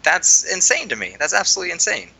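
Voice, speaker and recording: A young adult man co-hosting a podcast, chatting about politics with many fillers and halting restarts. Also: sits high, huge pitch swings, gravelly, pushed and bright, husky, low-quality recording. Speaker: podcast co-host. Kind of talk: casual political chat.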